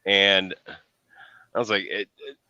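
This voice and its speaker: An American man chatting casually online, telling rambling stories with animated retellings. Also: deep voice, slow pace, smooth, no room sound, muffled recording. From United States. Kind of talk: casual chat.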